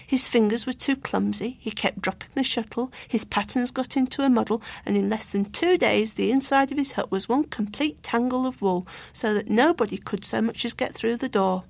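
A woman reading a children's storybook aloud with clear, expressive narration. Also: on the high side, moderate pace, hardly any pauses.

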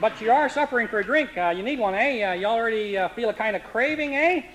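A man's voice: extremely high pitch, lively intonation, fast, fairly bright tone, a little hiss or hum, voice pushed up. A man voicing a nosy fellow passenger on a train who pries with leading questions. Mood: prying.

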